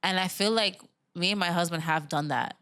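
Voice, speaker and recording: A woman's voice: on the low side, a little fast, bright, forceful tone, clean tone, no echo. A young woman, a mother, chatting candidly as a podcast guest, laughing and quoting herself and her family as she talks. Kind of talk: casual chat.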